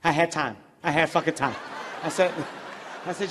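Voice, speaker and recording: A man doing a stand-up routine, telling stories in a brash, profane, animated way with shouted outbursts. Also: high-pitched, quick pace, big-room sound, background noise. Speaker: stand-up comedian. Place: large venue with audience.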